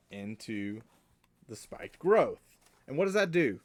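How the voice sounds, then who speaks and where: A man running a tabletop game as game master, describing the scene in a slow, halting way. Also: fairly low pitch, big pitch swings.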